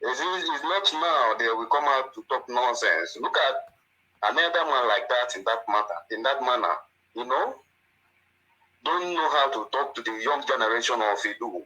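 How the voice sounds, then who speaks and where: A man's voice: mid-range voice, expressive, normal speed, pushed and bright, poor audio. Indignant, emphatic male caller. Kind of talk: phone-in call.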